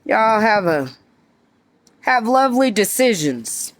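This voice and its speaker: Lady ranting at her viewers, high voice, emphatic and preachy. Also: big pitch swings, takes it slowly. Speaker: vlogger addressing viewers. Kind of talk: direct-to-camera monologue.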